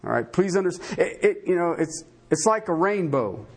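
A man's voice: sits high, expressive, normal speed, slightly rough. A man preaching a sermon to a live congregation, folksy and joking, often asking questions and stumbling over his restarts. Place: church before a live congregation.

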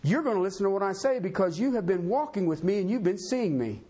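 A man's voice: high-pitched, expressive, quick pace, warm tone, slightly rough. A man preaching a sermon as pastor, folksy and self-deprecating, full of rhetorical questions.

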